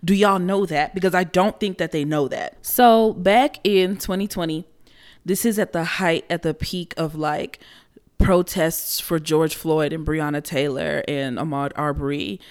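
A woman's voice: deep voice, fairly even intonation, unhurried, smooth. A young woman giving casual social commentary, blunt, profane and emphatic.

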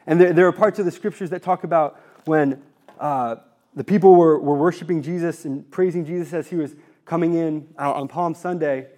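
High-voiced man giving an earnest faith talk. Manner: earnest, exhorting, repeats words when excited; reads scripture slowly and deliberately. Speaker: speaker at a community talk.

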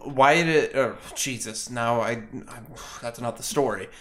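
A man's voice: medium pitch, measured pace. A man hosting a casual podcast chat, rambling with lots of fillers and restarts as he leads the talk. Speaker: podcast host.

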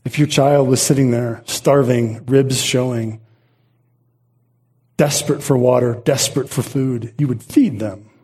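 A middle-aged pastor delivers a sermon in a mellow, dark voice with a slight husky edge, medium in pitch, steady and unhurried. He's earnest, repeating phrases for weight and often restarting mid-thought to drive his points home.

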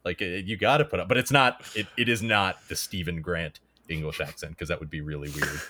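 Very deep-voiced man chatting. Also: steady tone, a little fast, background noise. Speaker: podcast co-host; manager at work. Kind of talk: casual chat.

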